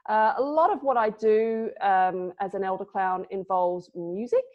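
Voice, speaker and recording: A woman's voice: medium pitch, a little slow. A woman from Scotland giving a playful, casual online talk as a clown presenter, full of dad jokes. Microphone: video call. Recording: lo-fi video call audio.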